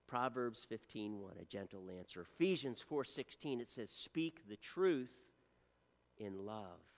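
A man preaching a sermon to his church. He shifts from loud appeals to soft, hushed lines. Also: fairly low pitch, expressive, measured pace, long reverb tail. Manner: earnest preaching, swings from loud appeals to soft near-whispers. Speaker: pastor.

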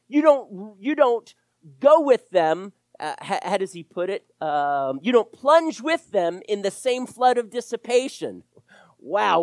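A man preaching a sermon to his church, animated, with sharp rises and drops in loudness. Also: sits high, no echo. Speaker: pastor.

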